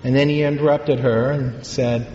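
A man, a priest, telling a story in a sermon, in an unhurried, halting way with pauses and fillers. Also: mid-range voice, fairly even intonation, a little mellow, slight background noise. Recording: echoey hall, dull lo-fi sound.

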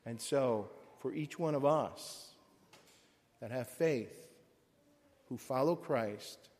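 A man, a priest, reading scripture and preaching a sermon with a solemn, measured cadence. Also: mid-range voice, darkish tone. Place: church. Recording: long church reverb.

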